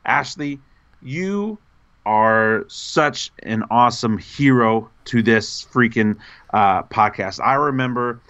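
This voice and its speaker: Guy podcaster hyping someone up, mid-pitched, muffled lo-fi audio. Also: slow, clean tone. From North Carolina, USA. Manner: gushing, animated, pitch jumps when excited. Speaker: podcast co-host. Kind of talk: casual podcast chat.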